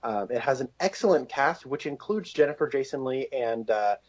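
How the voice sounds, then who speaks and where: A man's voice: medium pitch, expressive, normal speed, darkish tone. A man co-hosting a podcast, giving blunt, dismissive opinions in casual movie review chat, with lots of filler words. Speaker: podcast co-host. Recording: lo-fi, dull sound.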